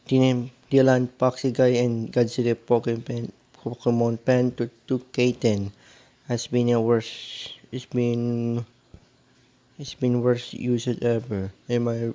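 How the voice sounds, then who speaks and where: A man delivers a ranting vlog monologue in a mellow, darker-toned voice at an ordinary pitch. His phrasing is halting and repetitive, and he stumbles and restarts as he airs grievances in an accusing way. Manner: aggrieved, accusing tone. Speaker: vlogger.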